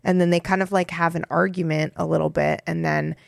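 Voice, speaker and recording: A woman's voice: deep voice, a little fast, creaky, no echo, studio quality. A woman co-hosting a podcast who casually recaps a TV episode, acting out lines as she summarizes. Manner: relaxed, acts out quotes while summarizing. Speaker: podcast co-host.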